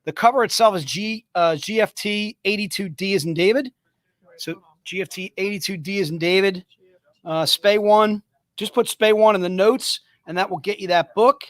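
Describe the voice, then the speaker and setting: A man with a fairly high voice runs a livestream comic book sale. He talks in an upbeat, repetitive hawking style with joking asides. The sound is dry and close, with little room. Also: normal speed, fairly bright tone, dry recording. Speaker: host selling comic books. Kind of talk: livestream sales pitch.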